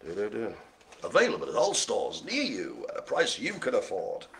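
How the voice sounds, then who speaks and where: A man calls bingo for a live online audience, breaking off into rambling jokes between calls. His voice is bright and forward, and his pitch swings up and down a lot as he talks. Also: wildly swooping pitch, moderate pace, vocal fry. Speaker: bingo host. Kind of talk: live-streamed bingo calling with banter.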